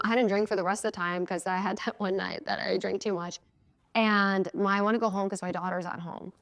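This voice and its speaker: A woman in her thirties hosting a podcast, telling a personal story in a casual, chatty way. She often acts out her own past lines and laughs mid-sentence. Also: mid-range voice. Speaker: podcast host.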